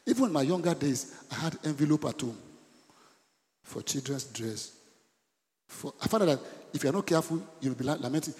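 A middle-aged man, preaching a sermon in animated bursts and asking the congregation questions. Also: fairly quick, pauses often. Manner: animated preaching with sudden high bursts and call-and-response questions. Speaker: pastor. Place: church hall. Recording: church hall with long reverb.

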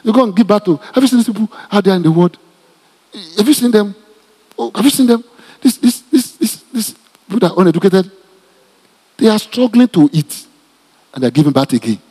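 A Nigerian-accented male pastor teaches from scripture in a mellow, slightly husky voice pitched a little high. He talks in an animated, repetitive way and tosses joking asides to his listeners. His words ring out with a long reverb, as in a church hall. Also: fairly quick, pauses often. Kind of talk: teaching sermon, Bible study.

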